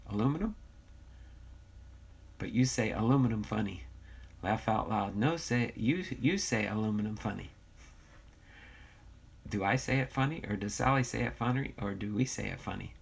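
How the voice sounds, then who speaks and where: Brisk and slightly rough, with a lowish pitch and vocal fry, this American livestream host has a slightly nasal sound. He keeps things casual, reading out viewer comments and bantering along the way.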